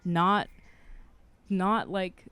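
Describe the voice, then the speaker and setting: A woman's voice: on the low side, fairly even intonation, drawn-out words, a bit bright, smooth, no echo. A woman co-hosting a podcast in casual chat, rambling with lots of swearing and filler words. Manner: rambling, heavy swearing, constant "like". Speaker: podcast co-host.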